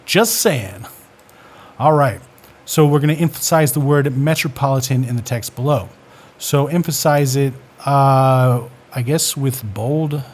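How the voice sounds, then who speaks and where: A man's voice: medium pitch, a little slow, a little mellow. A man hosting a casual screen-recorded coding lesson, thinking aloud with fillers and self-corrections as he works. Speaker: coding tutorial host.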